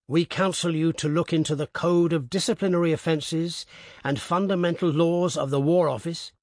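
A pompous ex-soldier scribe from an audiobook story, officious and self-important as he dictates, voiced by a male narrator in his own fairly high voice. The sound is close and dry. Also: no echo, close to an everyday voice. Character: pompous village letter-writer, a pretentious ex-soldier.

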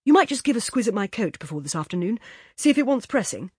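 A woman reading aloud and voicing a cheery young upper-class brother who talks in a rapid, breezy way. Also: mid-range voice, very animated, slightly rough, no room sound, studio quality.

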